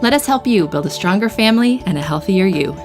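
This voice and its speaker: A woman giving a scripted sponsor read in a polished, even promotional tone. Her voice is middle-pitched for a woman, and a clearly audible music bed plays underneath. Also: fast talker. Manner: warm, even promotional delivery. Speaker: ad announcer.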